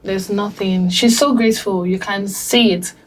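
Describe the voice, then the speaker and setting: A woman on a discussion panel, telling animated stories and acting out quotes from family. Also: mid-range voice, normal speed. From Africa. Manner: animated storytelling, acts out quotes. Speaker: panel guest.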